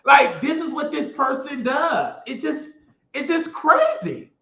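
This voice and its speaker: Male host, high-pitched and tense, gossip rant, roomy lo-fi sound. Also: animated, takes it slowly, gravelly, a bit bright. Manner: sassy, mocking, repeats phrases for emphasis. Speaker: show host. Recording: echoey room, dull lo-fi sound.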